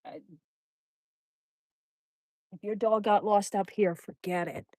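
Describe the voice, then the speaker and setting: A woman's voice: medium pitch, fairly even intonation, slow pace, darkish tone, no room sound, studio quality. A woman hosting a live stream on a morning walk outdoors, chatting with viewers, reading their comments aloud and baby-talking to her dog. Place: outdoors at a mountain park.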